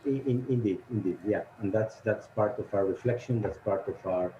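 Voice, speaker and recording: A man whose first language is Spanish speaks over a dull, muffled video call line, with faint hiss behind him. His voice sits low and mellow. He talks haltingly, filling the gaps with "uh" and "how to say" as he looks for words. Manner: hesitant, searching for words with many fillers. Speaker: advisor at a Spanish ministry. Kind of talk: online panel discussion.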